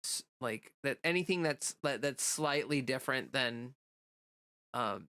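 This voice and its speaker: A woman hosts a casual livestream, with a bright and crisp voice. She rambles through fillers and restarts, greets viewers and reads out their comments. The room sound is dry and close. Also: extremely low pitch, lively intonation, unhurried, no echo. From United States. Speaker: livestream host.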